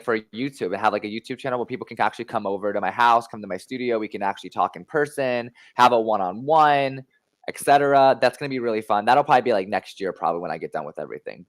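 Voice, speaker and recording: A young man talks loosely and crudely into a desk mic in a half-built home studio. He rambles through filler words and swears freely, with a medium-pitched voice. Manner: brash, profane, rambling with many fillers. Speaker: podcast host. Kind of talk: casual chat, livestream.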